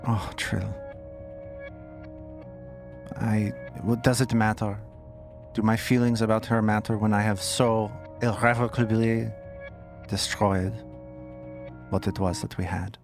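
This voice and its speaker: A man's voice: fairly low pitch, flat delivery, slow pace, pauses often, faint music behind. A man voicing an accented woman cultist. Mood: wistful. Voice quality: thick, precise put-on accent. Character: anxious young woman cultist, former liar.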